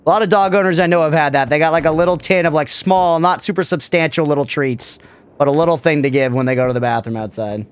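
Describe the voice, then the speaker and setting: A man's voice: on the high side, fast, slight background noise. A man streaming a video game, chatting casually and joking as he answers his chat. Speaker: gaming streamer. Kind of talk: casual live-stream chat over gameplay.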